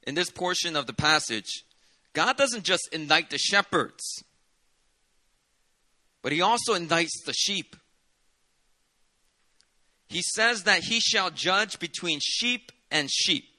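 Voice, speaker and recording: A man's voice: high voice, lively intonation, slow pace, pauses often, sharp tone. A man preaching a sermon as a pastor, talking in a loose, conversational way with colorful asides. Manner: conversational preaching with dramatic asides and Southern "y'all".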